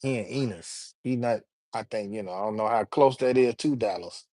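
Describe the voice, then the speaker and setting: A man talks casually on a livestream, reading chat and tossing out shout-outs. His delivery is laid-back and full of slang, at an ordinary pitch. The sound is close and dry. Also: moderate pace, no echo.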